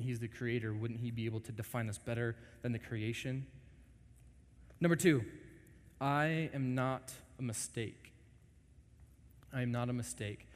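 A man in his twenties preaching a lively, joking sermon to a congregation, often acting out quoted voices. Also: mid-range voice. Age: 20s. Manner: animated, jokey, acts out quoted voices. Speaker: pastor. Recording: long reverb of a large hall.

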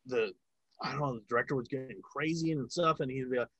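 A man's voice: medium pitch, fast, a bit bright, no room sound, low-quality recording. Guy rambling thru a set story, tons of "like", cussing, dry close sound. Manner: rambling, heavy filler words and swearing. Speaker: film sound crew member telling a story. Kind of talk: casual chat.

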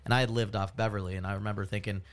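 A man who is a guest comedian on a podcast, telling a self-deprecating anecdote in an animated, casual way with bursts of laughter. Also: lowish voice, very fast.

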